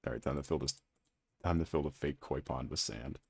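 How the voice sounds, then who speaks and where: Extremely deep gravelly man streaming. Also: brisk, a little mellow, no room sound. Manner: chatty, teasing, reads and answers chat aloud. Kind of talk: casual live-stream chat while playing.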